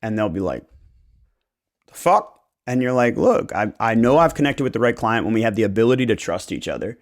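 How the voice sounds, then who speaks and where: A man from the Baltimore area hosting a casual real estate podcast, talking in an animated way and acting out conversations with clients. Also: fairly low pitch, quick pace. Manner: animated, acts out client conversations in quoted voices.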